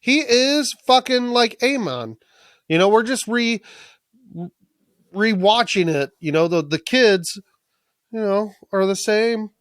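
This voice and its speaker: Guy with a pretty high voice, swears nonstop, laid back tv recap chat, dry sound. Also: lively intonation, takes it slowly, fairly bright tone, no echo. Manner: crude, swears constantly, jokey. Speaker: podcast co-host.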